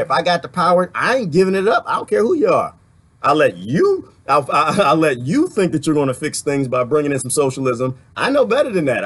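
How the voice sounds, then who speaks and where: A man's voice: a little high, breathy edge. A man from the Washington, D.C. area, ranting sarcastically in a livestream while reading viewer comments, laughing often between points.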